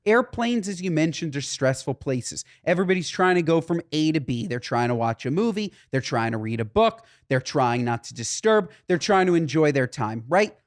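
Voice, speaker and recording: A man co-hosting a podcast, telling an animated, ranting anecdote in casual chat. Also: a little high, normal speed, few pauses. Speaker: podcast co-host.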